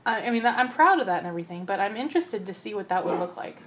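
A woman's voice: medium pitch, expressive, rapid-fire, noisy background. Chatty young woman narrating gameplay. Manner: chatty, talks to her game characters. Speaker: let's play host. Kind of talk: casual gameplay commentary.

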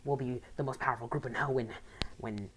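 A woman reading the lines of a scheming, greedy male villain leader in a smug, condescending way, in her own very low voice. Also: fairly even intonation, a little fast, slightly rough.

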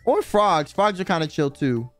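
High, lively male streamer. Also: moderate pace, dry recording, soft background music. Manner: rambling, profane, heavy use of "like"; animated, dramatic emphasis. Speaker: livestream host. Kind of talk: casual stream chat.

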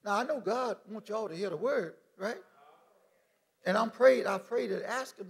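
High gravelly fervent preacher man. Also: moderate pace. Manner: fervent, repeats phrases and calls out praise; stammering restarts. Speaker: bishop preaching. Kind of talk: sermon. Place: church stage.

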